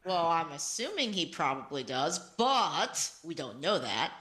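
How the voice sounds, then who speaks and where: A woman at a tabletop game, asking hesitant questions in a casual way. Her voice is bright and crisp, with a lively, varied pitch. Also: a little slow. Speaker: player.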